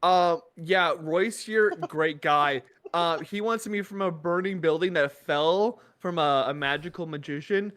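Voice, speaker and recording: A man's voice: on the high side, unhurried, hardly any pauses, fairly bright tone. A man playing a tabletop game, talking in an awkward, exasperated way. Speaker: player. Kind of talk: in-character tabletop play.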